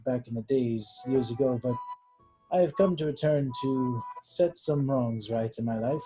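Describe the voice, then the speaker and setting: A man playing his character in a tabletop game, earnest and formal, often halting. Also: medium pitch, dark tone, low-quality recording. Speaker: player. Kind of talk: in-character tabletop role-play.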